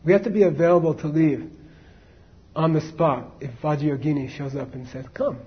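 Male teacher, husky, chatty storyteller with asides, dull recording. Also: a little high, normal speed. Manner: conversational, many fillers and asides to the audience. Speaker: Buddhist teacher. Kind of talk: casual dharma talk, storytelling.

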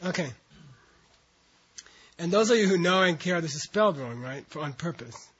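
Guy teaching a class, kinda high voice, patient, has everyone repeat syllables after him, muffled old recording. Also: lively intonation, normal speed, fairly bright tone, husky. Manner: patient, breaks words into syllables for students to repeat. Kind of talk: classroom lecture with call-and-repeat reading. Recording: dull lo-fi recording.

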